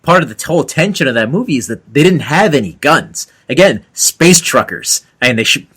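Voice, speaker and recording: A man with a fairly high, animated voice co-hosts a casual podcast chat. He keeps cutting in with skeptical, pointed questions about what he hears. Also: a little fast, slightly rough. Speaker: podcast co-host.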